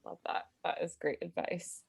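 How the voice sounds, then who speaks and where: A woman co-hosting a podcast, chatting casually, laughing often and reacting warmly. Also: normal speed, no room sound, clean studio sound. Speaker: podcast co-host. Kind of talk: casual chat.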